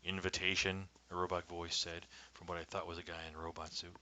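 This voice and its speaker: Brief: man, low voice, measured first-person storytelling, slips into hushed whispers, faint hiss. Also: monotone, rough recording. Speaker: storyteller reading his own story.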